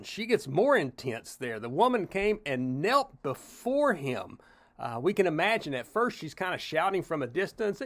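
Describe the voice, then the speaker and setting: A man's voice: fairly high pitch, big pitch swings, normal speed, fairly bright tone. A middle-aged man from Tennessee, teaching a Bible study as a pastor in a conversational way, with frequent "uh" and "you know" asides.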